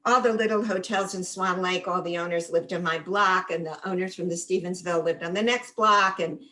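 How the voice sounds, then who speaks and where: A woman's voice: fairly low pitch, fairly even intonation, a little fast, bright, forceful tone, low-quality recording. An older woman from the Catskills in New York, speaking up from the audience in a casual, chatty way and recounting detailed memories. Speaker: audience member commenting. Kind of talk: casual chat.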